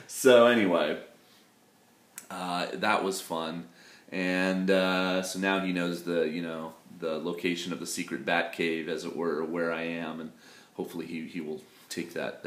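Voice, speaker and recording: Man, casual vlog chat, rambling with fillers, lowish voice, roomy echoey room. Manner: rambling, loose, full of "you know" fillers and self-deprecating asides. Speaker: English teacher living in Japan. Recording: roomy echo.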